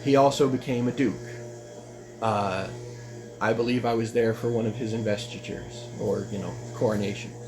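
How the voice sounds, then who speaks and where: A man's voice: steady tone, moderate pace, over music. Rambling man telling a story. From United States. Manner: rambling, full of "you know" and "like", with restarts; pitch jumps up when he gets worked up. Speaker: vlogger. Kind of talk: casual spoken storytelling.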